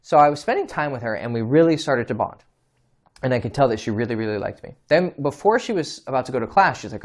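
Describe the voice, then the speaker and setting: A man's voice: medium pitch, animated, fast. A young man giving casual dating advice, acting out both sides of conversations. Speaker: dating coach. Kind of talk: casual instructional talk.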